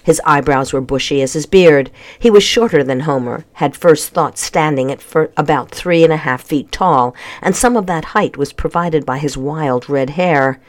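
An audiobook narrator reading a children's novel in an even, measured way. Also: medium pitch. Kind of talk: scripted narration.

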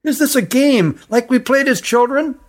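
A man's voice: very high voice, expressive, moderate pace, pitched above the performer's own voice. A man voicing an eager, curious young boy in a storybook reading, raising his voice well above his own. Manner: eager, questioning.

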